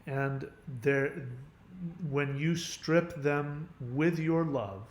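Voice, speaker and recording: A man's voice: fairly high pitch, very slow, roomy sound. A middle-aged man talking casually and rambling through an advice monologue, often restarting his sentences and using many "you know"s. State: has a headache. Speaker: channel host giving advice.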